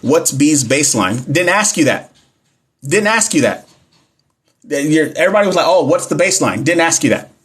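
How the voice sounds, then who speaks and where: A man with a slightly high, husky voice runs a phone livestream lesson on nursing exam questions. He is animated and talks straight to his chat. He hammers his points by repeating them. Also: fairly quick. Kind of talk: livestream teaching. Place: home livestream.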